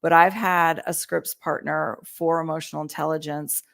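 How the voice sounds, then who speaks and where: A woman talking through communication skills on a podcast, teaching in a lively way and acting out quoted lines. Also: low-pitched, normal speed, gravelly. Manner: animated teaching, acts out quoted voices. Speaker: real estate agent. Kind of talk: podcast conversation, coaching.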